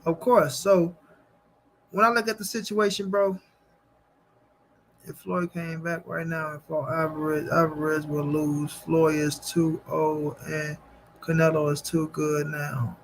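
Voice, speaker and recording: High-voiced man chatting on a boxing livestream. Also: flat delivery, measured pace, a little hiss or hum. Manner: slangy, repeats phrases, addresses chat directly. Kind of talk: casual livestream chat, reading viewer comments.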